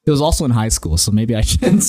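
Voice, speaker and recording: A young man co-hosts a casual podcast, rambling through his stories and laughing often. His pitch swings widely as he talks. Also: big pitch swings, quick pace, a little mellow. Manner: rambling storyteller, laughs a lot. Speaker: podcast co-host.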